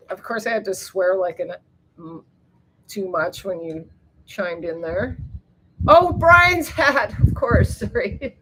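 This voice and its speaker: A woman talks loosely and at length to her live viewers, drifting from topic to topic with frequent laughs. She swears in passing and jumps up in excitement whenever she greets someone by name. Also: mid-range voice, poor audio. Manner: chatty and rambling, laughs often, swears casually. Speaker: livestream host reading viewer chat. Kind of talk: casual rambling live chat.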